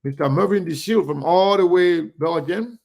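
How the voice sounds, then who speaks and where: Gravelly male live-stream host, slightly high voice, chatty name-by-name greetings. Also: moderate pace. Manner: chatty, reads viewer names aloud warmly. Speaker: online show host.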